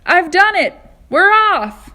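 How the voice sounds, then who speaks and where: A woman shouting as a rowdy bossy centipede. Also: very high voice, sing-song, takes it slowly, pitched above the performer's own voice, exaggerated voice. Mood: triumphant. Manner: shouting, boisterous. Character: loud excitable male centipede, bossy.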